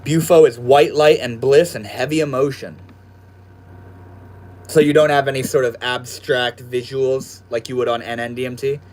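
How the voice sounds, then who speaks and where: Man doing his own talk young male streamer, laid-back and slangy, casual chat from his room, mid-pitched. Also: fairly even intonation, moderate pace, darkish tone. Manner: laid-back, slangy, addresses viewers as bro and dude. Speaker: livestream host. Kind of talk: casual livestream chat reading viewer comments.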